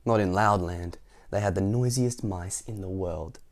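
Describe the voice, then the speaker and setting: Male storytime reader, playful and animated, unhurried delivery. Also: deep voice. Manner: animated, playful, asks the listener questions. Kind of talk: reading a picture book aloud.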